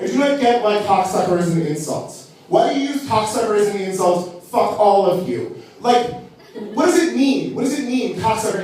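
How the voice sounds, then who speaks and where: A man performing a stand-up comedy set, theatrical and animated, swinging his pitch up high for emphasis. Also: normal speed, very echoey, recorded from a distance, low-quality recording. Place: comedy club stage.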